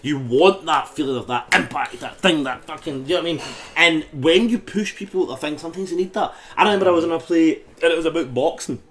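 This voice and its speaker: A Scottish man co-hosting a podcast, casually telling animated stories in a busy pub, swearing and acting out what people said. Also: fairly high pitch, quick pace, few pauses. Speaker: podcast co-host. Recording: roomy pub with chatter behind.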